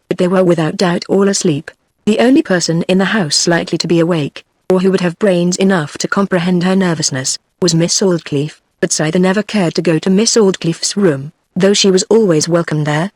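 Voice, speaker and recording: A text-to-speech woman's voice with a British English accent, reading a classic novel aloud in even, steady narration. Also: on the low side, no room sound. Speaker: audiobook narrator. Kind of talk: scripted narration. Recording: dry.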